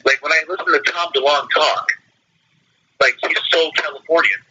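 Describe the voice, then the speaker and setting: A man's voice: on the high side, normal speed, sharp tone, husky, dull audio. A man guesting on a podcast, laid-back and joking in casual chat.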